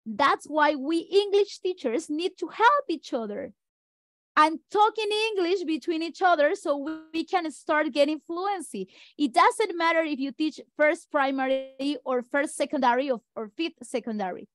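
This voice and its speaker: High-voiced woman, teaching. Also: expressive. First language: Spanish. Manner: brisk, speaks fast, addresses colleagues directly. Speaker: teacher trainer. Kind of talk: online teacher-training lecture.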